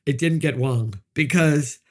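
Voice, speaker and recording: Lively man telling audition stories. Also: a little high, unhurried. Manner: animated storyteller, restarts, acts out quotes. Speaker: actor. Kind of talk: casual chat.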